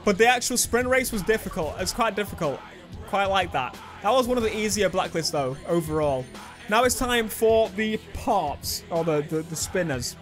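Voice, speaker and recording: A young man giving excitable let's-play commentary on a racing game, shouting at rivals as he drives. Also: high-pitched, normal speed. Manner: excitable, yelling at rivals mid-race. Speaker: gaming YouTuber. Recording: game music and engine noise behind.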